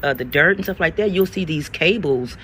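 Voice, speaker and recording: A man telling a strange personal story in a casual, animated way, speaking to his listeners as y'all. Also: a little high, brisk, a little hiss or hum. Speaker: storyteller in a social media clip.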